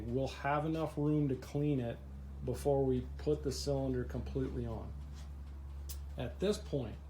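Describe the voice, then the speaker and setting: A man's voice: medium pitch, a little mellow, slight background noise. A man walking viewers through an engine repair step by step in a plain, practical way. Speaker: mechanic. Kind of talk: how-to repair walkthrough.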